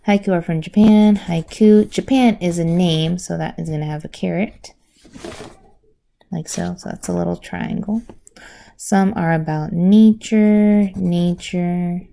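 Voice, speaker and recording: A woman teacher calmly walking through a classroom routine step by step in a recorded lesson video. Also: fairly low pitch, gravelly. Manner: slow, deliberate, explains step by step.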